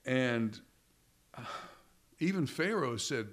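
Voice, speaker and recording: A man's voice: medium pitch, animated, measured pace. A man preaching a sermon in an earnest way, asking rhetorical questions and repeating phrases for emphasis.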